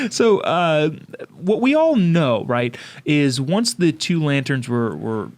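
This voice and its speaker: A man with a Californian accent co-hosting a podcast in casual chat, animated and laughing often. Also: slow pace. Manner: animated, laughs often, jumps up in pitch when excited. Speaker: podcast co-host.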